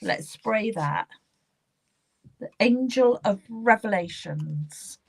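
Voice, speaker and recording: A woman's voice: medium pitch, animated, slow, vocal fry, husky. A woman giving live psychic readings, speaking earnestly and repeating herself as she addresses viewers by name. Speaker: psychic medium.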